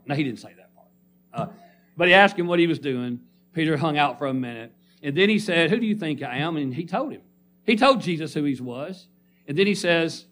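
A man's voice: on the high side, animated, normal speed, a bit bright, slight background noise. A man preaching a sermon to a congregation, reading scripture and calling for responses. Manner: emphatic call-and-response preaching. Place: church congregation.

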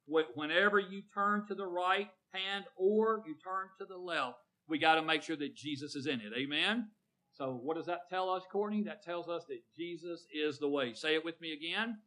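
A preacher man delivers a sermon with a bright, forceful edge in a slightly high voice. He calls on his congregation by name and asks for amens, swelling loud on key words before dropping almost to a murmur. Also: normal speed, poor audio. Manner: swells loud on emphasis, drops to near murmur. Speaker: pastor.

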